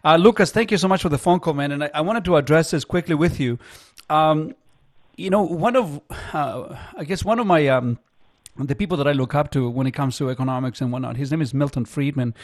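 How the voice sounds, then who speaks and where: Male radio host, a bit higher voice, dry studio sound, earnest, halting delivery. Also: no room sound. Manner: earnest, halting, many fillers. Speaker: radio talk show host. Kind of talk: call-in talk radio. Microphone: studio microphone.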